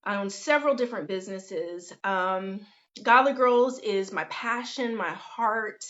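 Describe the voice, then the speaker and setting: A woman's voice: medium pitch, a little slow, a bit bright. A middle-aged woman, hosting a casual livestream and greeting viewers by name in a down-to-earth way. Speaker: host, life coach. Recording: lo-fi livestream audio.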